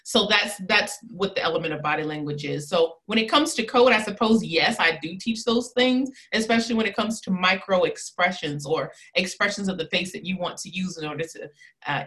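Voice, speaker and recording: A woman with a fairly low voice, who coaches women in body language and communication, talks in a casual interview. Her delivery is emphatic and animated, and she laughs often.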